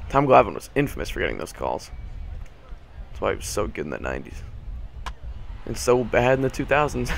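A young man with a hoarse morning voice, hosting casual video game commentary, rambling with lots of fillers and the odd swear. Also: on the low side, slight background noise. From Boston area. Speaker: gaming channel host.

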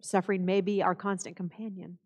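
A woman pastor preaching a sermon in a church, slow and solemn, quoting scripture. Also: mid-range voice, flat delivery, darkish tone, long reverb tail. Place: church sanctuary.

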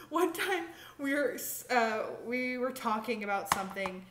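A woman's voice: a little high, animated, measured pace, fairly bright tone. A young woman hosting a casual vlog, telling a story in a rambling way with lots of fillers and restarts. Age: young adult. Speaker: vlog host. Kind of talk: casual chat. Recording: echoey room, faint hiss.

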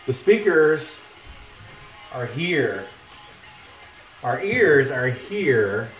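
A middle-aged man chats casually with viewers while he cooks, joking between steps. His voice has an ordinary middle pitch. The kitchen sounds roomy and echoey, and soft music plays faintly from laptop speakers. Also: big pitch swings, extremely slow. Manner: chatty, joking, talks to viewers while cooking. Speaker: cooking livestream host. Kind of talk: casual cooking livestream chat. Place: home kitchen. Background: music from laptop speakers, frying food.

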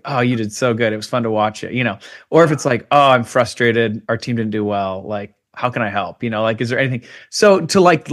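A man's voice: medium pitch, fairly bright tone. A man hosting a podcast, upbeat and chatty, talking casually with his guest. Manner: upbeat, chatty, laughs easily. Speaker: podcast host. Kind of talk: casual interview conversation.

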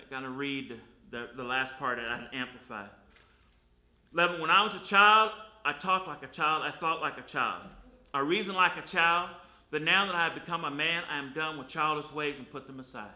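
A man with a pushed, bright voice on the high side preaches in a church sanctuary, his words echoing around the room. His sermon leans on folksy personal stories in everyday, colloquial speech.

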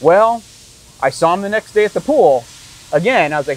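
Male interviewer, somewhat high pitch, lively anecdote teller who acts out other people's lines. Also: fairly quick, low-quality recording. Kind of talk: casual interview chat.

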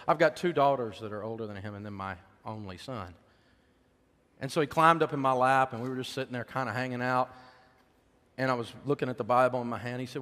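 With a medium-pitched voice at normal speed and long pauses, a folksy middle-aged American preaches in a hall on faith and money. His emotional, story-driven sermon alternates between loud passages and a soft hush.

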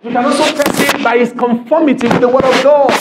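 High-voiced man preaching in an echoing church. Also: fairly even intonation, fast talker, heavy background noise. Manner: keeps asking the listeners if they are listening, emphatic, rising to shouts. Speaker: pastor. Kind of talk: sermon.

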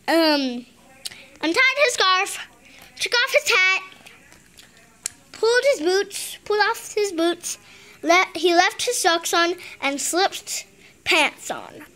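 A woman reading a picture book aloud slowly and haltingly, stumbling and restarting on words. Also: very high-pitched, bright, forceful tone. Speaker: reader.

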